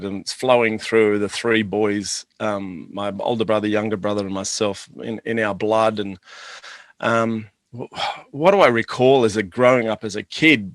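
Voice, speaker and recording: A man's voice: lowish voice, fairly bright tone, dry recording. A middle-aged man, a guest on an interview, enthusiastically telling rambling anecdotes about his business. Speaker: guest, chocolate business owner. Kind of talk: casual interview storytelling.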